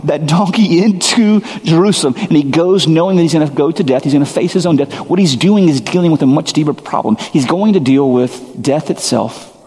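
A man's voice: fairly high pitch, a little fast, dark tone, long reverb tail. A middle-aged man preaching a sermon as pastor, conversational and self-deprecating in his storytelling.

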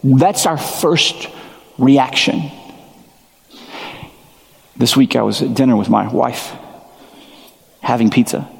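A man's voice: medium pitch, slow, vocal fry, pauses often, big-room sound. A middle-aged man preaching a sermon as pastor, conversational and self-deprecating in his storytelling.

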